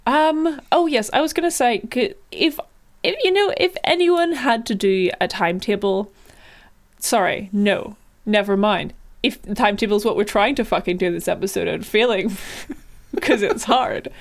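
A woman's voice: mid-range voice, moderate pace. A woman chatting on a podcast in a wry, rambling way, often correcting herself. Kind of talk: casual podcast chat.

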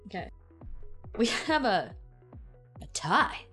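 A woman narrating as game master of a tabletop game, lively and laughing often. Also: mid-range voice, slow pace, soft background music.

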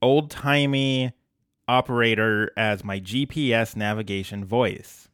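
A man's voice: lowish voice, fairly bright tone, smooth, no room sound, clean studio sound. A man co-hosting a podcast, recapping a cartoon episode in casual chat with an easygoing, wry manner. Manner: wry, easygoing, quick quips. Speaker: podcast co-host.

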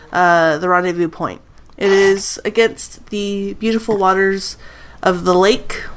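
Casting: woman game master, casual rambling narration, mid-pitched voice.

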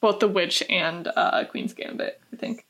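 A woman's voice: medium pitch, measured pace, fairly bright tone. A woman co-hosting a casual movie podcast, giving thoughtful, earnest picks. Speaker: podcast co-host.

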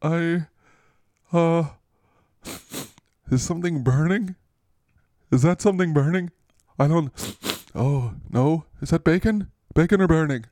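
A man voicing a dazed, concussed male football player who talks in halting, bewildered questions. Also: on the high side, mellow, no room sound, studio quality, voice pushed up, close to an everyday voice. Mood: confused.

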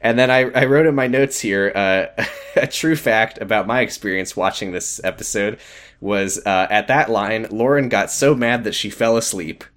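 A man's voice: on the low side, normal speed, fairly bright tone. A man co-hosting a casual podcast who narrates a TV episode's plot with dry sarcasm. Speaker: podcast co-host. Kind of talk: casual chat recapping a TV episode.

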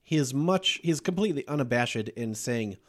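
A man's voice: medium pitch, lively intonation, a little fast. A man hosting a podcast, chatting casually about horror movies and laughing often as he retells scenes. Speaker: podcast host. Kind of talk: casual movie review chat.

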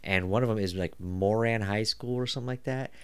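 A man's voice: on the low side, fairly quick, clear, resonant tone. A man in his thirties hosting a podcast, telling a rambling, joking story with lots of swearing. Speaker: podcast host. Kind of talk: casual storytelling.

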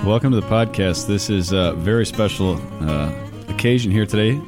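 A man's voice: lowish voice, normal speed, over music. A man, a priest, co-hosting a casual podcast chat in an easygoing, teasing way.

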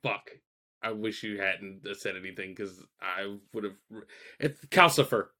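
Low-ish and unhurried, his voice comes out pushed and bright. He's a podcast co-host chatting about movies in a rambling, foul-mouthed way, with lots of fillers and lines quoted as asides.

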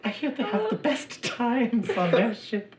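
A woman's voice: fairly high pitch, unhurried, close to an everyday voice. A woman voicing a little balding gnome shopkeeper who talks in a playful, teasing, sly way. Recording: roomy, distant table mic with hiss.

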